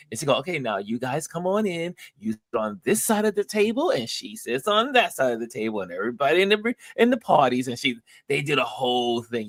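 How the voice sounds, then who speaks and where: A man hosts a live stream in a medium-pitched voice, captured as a dry recording. He chats casually and tells stories with animation, acting out the lines of the other people in them.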